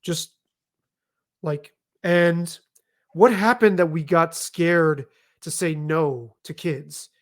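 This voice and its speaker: A middle-aged man telling stories in a casual chat, animated, emphatic and liberal with swearing. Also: fairly high pitch, slow. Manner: animated, profane, emphatic storytelling. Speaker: podcast guest.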